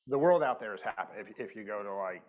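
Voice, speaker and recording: Lively, low-pitched male panelist. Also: quick pace, lo-fi sound. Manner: animated storytelling, acts out quoted exchanges, many "like" fillers. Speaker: panelist, tech investor. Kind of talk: conference panel discussion. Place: conference stage.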